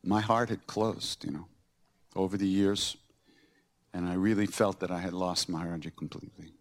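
Sitting low in pitch and moving at a normal speed, a male podcast host shares personal anecdotes. He stays animated throughout, playing out the scenes with laughter.

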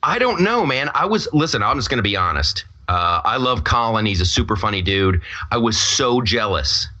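A man who is a comedian and podcast host, telling a rambling, animated comic story and then interviewing a guest. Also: medium pitch, moderate pace. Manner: rambling, animated, self-mocking. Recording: echoey room with audience noise. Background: audience laughter.

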